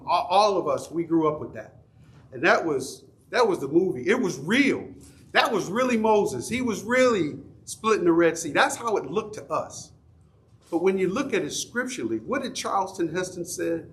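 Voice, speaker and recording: A man's voice: high-pitched, sing-song, normal speed. A middle-aged man teaching an adult Sunday school class in a church, talking conversationally and asking the class questions. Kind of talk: Bible study teaching.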